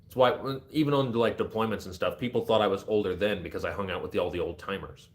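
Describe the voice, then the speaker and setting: A man's voice: on the low side, quick pace, slight background noise. A man in his thirties chatting casually on a livestream, joking, self-deprecating and easily distracted. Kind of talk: casual rambling livestream chat.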